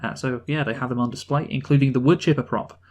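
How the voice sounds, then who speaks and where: A man's voice: mid-range voice, fairly even intonation, quick pace, darkish tone. A man co-hosting a casual film review podcast, reading out trivia and trading dry, sarcastic banter. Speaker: podcast co-host reviewing films. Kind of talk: casual chat.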